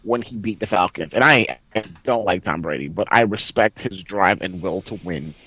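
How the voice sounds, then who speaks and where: Male podcast host, lower register, animated storyteller; dry, slightly muffled recording. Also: normal speed, husky. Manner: excitable storyteller, reenacts with loud outbursts. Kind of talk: casual gaming story chat. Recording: dry, slightly dull sound.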